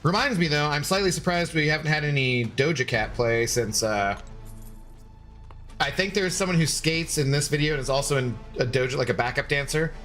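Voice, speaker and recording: A man's voice: a little high, fairly quick, fairly bright tone, soft background music. A man streaming a game and chatting loosely with viewers, laughing often and swearing casually.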